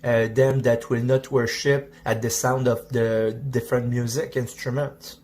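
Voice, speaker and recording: A man explaining scripture in a preaching style, halting and restarting mid-sentence. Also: medium pitch, little pitch movement, darkish tone, a little hiss or hum. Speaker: Bible teacher on a video clip.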